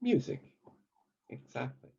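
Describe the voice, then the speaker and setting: A man leading a community songwriting workshop, talking in a relaxed, halting way with many ums and sung examples. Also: highs cut off, a little hiss or hum. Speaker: songwriting teacher.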